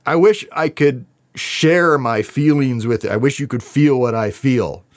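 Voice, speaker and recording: A man's voice: medium pitch, a little slow. Earnest, emotional man reacting to lyrics. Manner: earnest, emotional and spiritual, with frequent laughs. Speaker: vlogger reacting to song lyrics. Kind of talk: heartfelt lyric reaction commentary. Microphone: camera.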